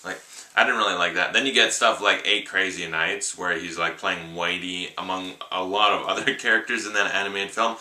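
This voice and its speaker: Young guy rambling through a movie review, low voice, bright tone, echoey room. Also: a little fast. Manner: rambling, offhand, many "like"s. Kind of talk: casual spoken film review.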